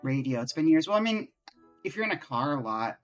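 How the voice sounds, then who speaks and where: A man's voice: on the high side, very animated, a little fast, soft background music. A man streaming live, chatting casually and rambling from topic to topic in a self-mocking way. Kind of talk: casual live-stream chat while playing.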